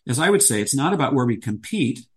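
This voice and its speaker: A man's voice: medium pitch, big pitch swings, fast talker. A man who is a podcast guest, explaining ideas at length and returning to his key phrases. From United States. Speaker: guest, business strategist. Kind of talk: podcast interview.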